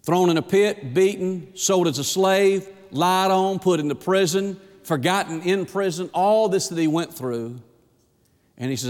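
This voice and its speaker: High-voiced preacher in a reverberant hall. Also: male voice, a little slow, darkish tone. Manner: preaching with emphatic, rising and falling delivery. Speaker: pastor. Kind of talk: sermon.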